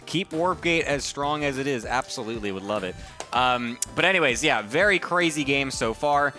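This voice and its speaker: A man casting a live esports match, energetic and chatty, laughing often. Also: medium pitch, moderate pace, soft background music. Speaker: esports caster. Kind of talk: live game commentary.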